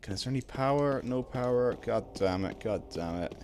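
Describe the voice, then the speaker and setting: A young man streaming a horror game, swearing a lot and breaking into loud excited shouts. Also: mid-range voice, normal speed, a little hiss or hum. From Ireland. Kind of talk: live gaming commentary.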